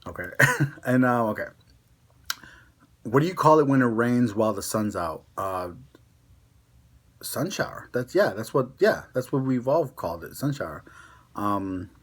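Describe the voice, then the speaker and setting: A man's voice: medium pitch, very animated, measured pace, long pauses, slightly rough. Rambling chatty Connecticut man. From Connecticut, USA. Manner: rambling, chatty, full of fillers. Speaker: vlogger. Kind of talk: casual chat to camera.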